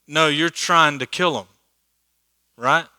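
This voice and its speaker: Bright-voiced joking teacher. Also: male voice, a little high, slow, clear, resonant tone, no room sound. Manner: joking, laughs at his own asides. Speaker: Bible study teacher. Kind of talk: conversational Bible teaching. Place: church hall.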